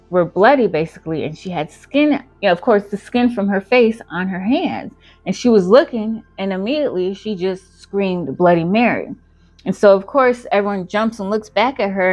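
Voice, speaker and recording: A woman's voice: medium pitch, normal speed, a little mellow, soft background music. A woman telling a storytime in a casual, chatty way, full of fillers. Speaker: channel host.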